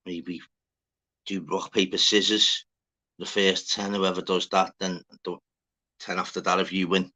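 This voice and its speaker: Scouse male streamer, lowish bright voice, sweary and rambling, greets chat by name. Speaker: livestream host. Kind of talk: casual live chat.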